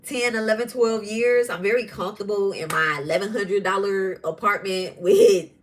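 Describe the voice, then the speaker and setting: A woman hosting a spiritual podcast who tells stories in a casual, animated way, swearing freely. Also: mid-range voice, moderate pace, a little hiss or hum. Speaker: podcast host and tarot reader. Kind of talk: casual storytelling monologue.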